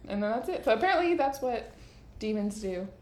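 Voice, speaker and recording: A woman's voice: on the high side, animated, brisk, a little mellow, reverberant, slight background noise. A woman co-hosting a podcast, casually retelling an episode and acting out the characters' lines with frequent laughter. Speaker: podcast co-host recapping an episode. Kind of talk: casual chat.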